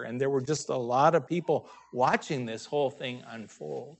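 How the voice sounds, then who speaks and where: A man preaching a sermon, pausing often and raising his voice to stress scripture readings. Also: mid-range voice, vocal fry.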